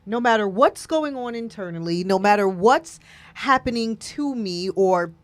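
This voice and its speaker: A woman host in a casual conversation, soft and reflective, with frequent affirming murmurs. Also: mid-range voice, lively intonation, unhurried, no room sound.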